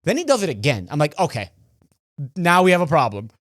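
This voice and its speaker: A man's voice: fairly high pitch, sing-song, fairly quick, no echo, clean studio sound. A man co-hosting a podcast, telling a road story in casual chat, acting out quotes with frequent restarts. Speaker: podcast co-host.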